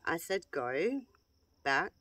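Outdoors in a cemetery, a woman paranormal investigator slowly calls out the words she hears during a sensory deprivation session, often exclaiming in surprise. Her voice is deep, very animated and a bit bright, slow and halting, in a dry recording.

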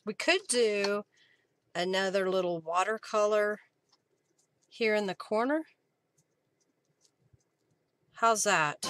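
A woman with a bright, clear voice leads a live craft session. She muses aloud about each step and keeps up easy chatter with her viewers. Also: mid-range voice, unhurried, pauses often, faint music behind. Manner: chatty, thinking aloud while working, thanking viewers. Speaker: craft journaling host. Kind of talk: live-stream crafting demo.

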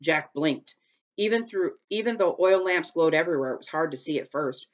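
Low-voiced teacher reading a storybook aloud. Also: female voice, moderate pace, dull audio. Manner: steady, careful reading with small slips.

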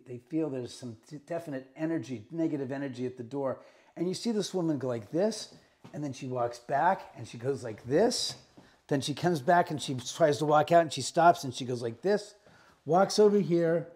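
A middle-aged man showing visitors around a room of his house, casually retelling ghost encounters and acting out the quotes. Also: mid-range voice. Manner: animated retelling with acted-out quotes. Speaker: house owner giving a tour. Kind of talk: casual storytelling.

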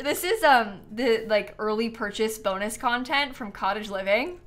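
A woman's voice: fairly high pitch, normal speed. A woman chatting casually to viewers on a live game stream, bubbly and giggly, a bit tired and yawning.

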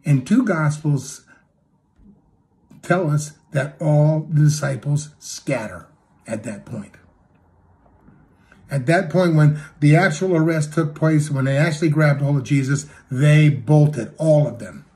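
A man preaching a sermon, retelling a story with acted quotes and swinging between loud and hushed delivery. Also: on the high side, slow.

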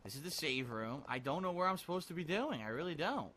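Lively, bright-voiced frustrated gamer man. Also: a little high, fast, slight background noise. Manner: frustrated muttering with frequent swearing. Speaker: let's play gamer. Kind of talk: live gameplay commentary.

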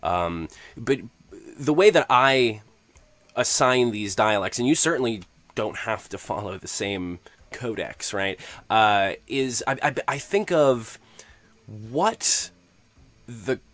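A man's voice: mid-range voice, lively intonation, slow, a bit bright, no room sound. A man, a game master, explaining tabletop tips in a conversational tutorial, thinking aloud with frequent restarts and hesitations.

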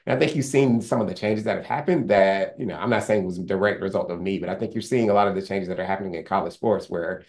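Fast-talking gravelly man, low voice. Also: a little mellow. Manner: earnest, rambling with many restarts and fillers. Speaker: sports lawyer, interview guest. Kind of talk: candid conversational interview.

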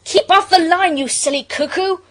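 A woman's voice: on the high side, brisk, a bit bright, husky. A woman reading as an eager bossy boy. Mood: commanding. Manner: urgent, commanding.

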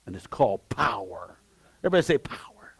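A man preaching a sermon as pastor, emphatic and swinging between shouts and low asides, repeating key phrases and exclaiming praise. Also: animated, normal speed. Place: church sanctuary.

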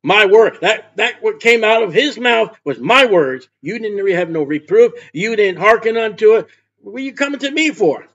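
A man's voice: high voice, expressive, normal speed, a bit bright, muffled recording. A man preaching a fervent sermon as a street preacher. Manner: fervent, mocking laughter when imitating scoffers.

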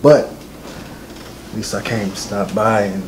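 A man voicing a cheating husband who dodges and stammers and pleads for calm. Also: lowish voice, a little slow, recorded from a distance, lightly acted. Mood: smooth. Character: cheating husband, evasive and smooth-talking. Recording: echoey room, off-mic, noisy.

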